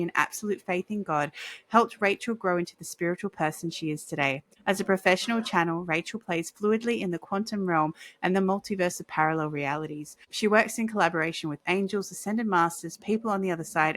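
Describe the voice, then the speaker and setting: A woman's voice: on the low side, a little fast, a bit bright, dry recording. A woman hosting an interview, reading an introduction and then chatting with a giggly, chatty manner. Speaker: podcast host.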